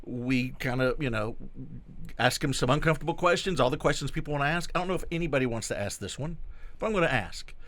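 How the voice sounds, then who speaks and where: A man's voice: mid-range voice, animated, fast, fairly bright tone. A man hosting a podcast, teasing and joking with his guest. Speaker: podcast host. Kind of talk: casual podcast conversation.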